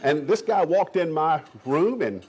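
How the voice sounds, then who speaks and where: A man's voice: a little high, lively intonation, measured pace, a little mellow, breathy edge. A man in his fifties from Kentucky, giving an enthusiastic, joking speech to a room of realtors as a county economic development official. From Kentucky, USA. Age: 50s. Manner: enthusiastic, jokey storyteller who riffs off the crowd. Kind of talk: energetic speech to a live audience.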